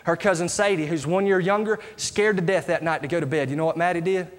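A middle-aged man preaching a sermon as pastor, asking his congregation rhetorical questions in an animated way. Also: fairly high pitch, quick pace. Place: church sanctuary. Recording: live church recording with reverb and music.

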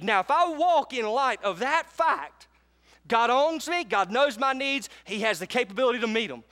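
High-voiced pastor preaching. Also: male voice, lively intonation, normal speed, fairly bright tone. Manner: emphatic, calls out to congregation for responses. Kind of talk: sermon. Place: church sanctuary with live congregation.

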